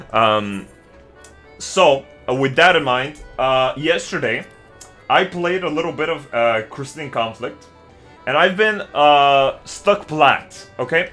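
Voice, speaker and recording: Male game streamer, swears nonstop, agitated ranting, bright edge, fairly high voice, talking from home desk. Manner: profane, swears constantly; agitated, fast ranting with loud outbursts. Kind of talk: casual live-stream rant to chat.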